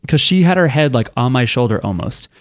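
A man talking casually on a podcast with his friends. He rambles and jokes, and sometimes turns defensive. His voice sits at an ordinary middle pitch. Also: expressive, brisk. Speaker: podcast co-host. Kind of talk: casual chat.

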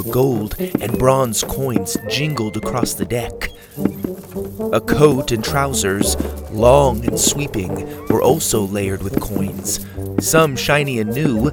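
A man narrating a children's adventure story in a slow, expressive way. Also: medium pitch.

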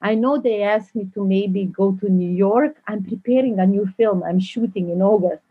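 Halting woman director on a tinny call. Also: medium pitch, slightly rough. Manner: halting, searching for words, animated storytelling. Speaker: film director, guest. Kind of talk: interview over video call. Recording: tinny phone-like call audio.

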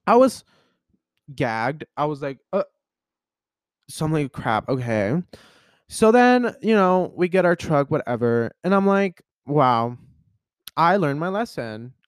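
A man in his twenties, a podcast host, telling a story in a chatty, animated way with lots of filler words. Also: fairly high pitch, unhurried, smooth, dry recording, clean studio sound. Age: 20s. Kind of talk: casual storytelling.

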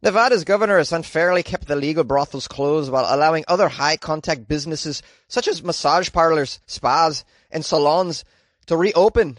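A man's voice: on the high side, normal speed, dry recording, pitched above the performer's own voice, natural voice. A man reading a quote in an amateur Irish accent, playing a woman. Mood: indignant. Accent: attempted Irish.

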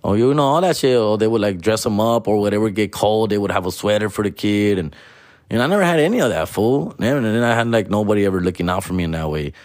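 A man's voice: on the low side, animated, fast, darkish tone, no room sound, studio quality. A young man telling a profane, casual story, mixing Spanish and slang.

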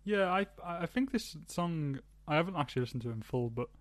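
A man's voice: a little high, animated, a little fast, no room sound. A man co-hosting a music podcast, talking hesitantly with restarts and trailing thoughts. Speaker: podcast co-host. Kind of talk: casual music chat.

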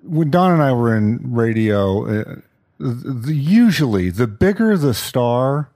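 A man co-hosting a casual interview, a former radio host who asks thoughtful, halting questions. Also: medium pitch, sing-song, darkish tone.

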